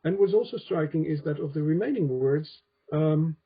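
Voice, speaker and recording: A man with a Dutch accent giving an academic lecture to a conference, measured, with frequent ums and checking "right?" with the audience. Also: fairly high pitch, animated, husky, dull audio. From Netherlands. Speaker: conference speaker, linguist.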